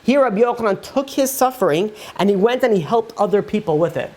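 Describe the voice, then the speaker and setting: A man's voice: high voice, expressive, brisk, darkish tone. A man, a rabbi, teaching a Torah class, retelling Talmud stories in a casual, conversational way with frequent fillers. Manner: casual and conversational, many fillers like "you know".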